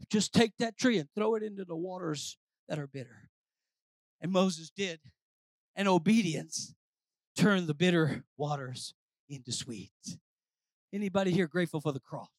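A preacher delivering a sermon, swinging between shouted declarations and low, quiet lines, calling out to the congregation. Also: normal speed, pauses often, no room sound. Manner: calls out to the congregation.

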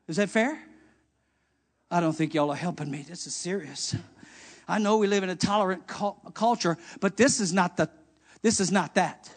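A male pastor with a strikingly high voice preaches a fiery sermon in a church service. He swings from hushed asides to shouted peaks and answers objections he imagines from the crowd. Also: animated, moderate pace.

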